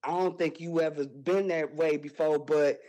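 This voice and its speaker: A young man telling a wild story on a podcast, loud and animated, with sound effects and profane slang. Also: fairly high pitch, normal speed, rough recording.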